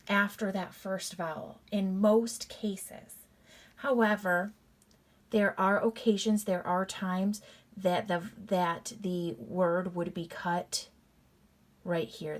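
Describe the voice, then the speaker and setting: A woman teacher giving a recorded reading lesson. She goes through patterns deliberately, step by step, repeats them, and calls her students "you guys". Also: mid-range voice.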